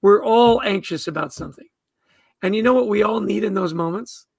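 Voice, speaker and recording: A man's voice: sits high, fairly quick, slightly rough, no room sound. A man who is a guest author, talking earnestly in a podcast interview and often repeating words as he starts a thought.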